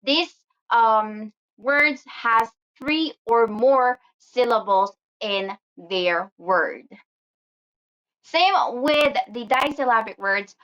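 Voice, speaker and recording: A woman teaching an English lesson, explaining each rule slowly and deliberately with a few fillers. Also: fairly high pitch, a bit bright. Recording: slightly dull lo-fi audio.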